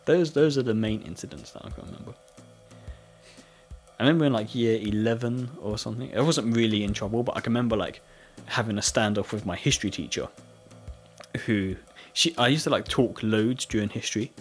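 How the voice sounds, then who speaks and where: A young British man with a husky voice, casually telling a school story with lots of "like" fillers and laughter. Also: on the low side, fairly quick, faint music behind. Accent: British English. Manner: rambling storytelling with frequent "like" fillers, laughing often. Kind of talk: casual chat.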